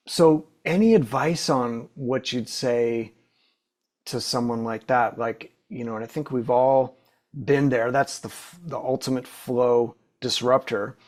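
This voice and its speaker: A man's voice: medium pitch, steady tone, a little slow, darkish tone. Casual podcast host man. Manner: casual, rambling questions with many fillers. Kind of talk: podcast interview.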